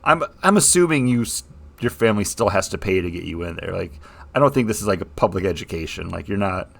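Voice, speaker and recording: Low-voiced man riffing sarcastically. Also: animated, fast, vocal fry, fairly bright tone. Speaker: podcast co-host. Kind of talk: casual book club chat.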